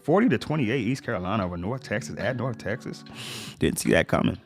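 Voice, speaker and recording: A laid-back man hosts a casual sports livestream, running through one score after another with quick slangy reactions. His voice sits fairly low, with soft music faintly underneath.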